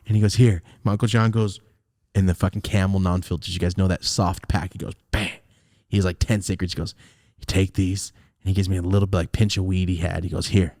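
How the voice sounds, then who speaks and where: A young man on a podcast telling a story about his youth, swearing a lot and laughing often, swinging from loud excited outbursts to quiet mutters. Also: sits low, fast talker, dry recording, clean studio sound. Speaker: podcast co-host. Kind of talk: animated storytelling.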